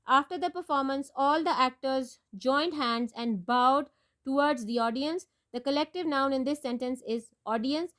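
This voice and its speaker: A woman teaches from a textbook, her voice high and clear. She reads each item and then gives the answer in a steady, measured, instructive way. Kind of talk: reading and explaining a textbook lesson.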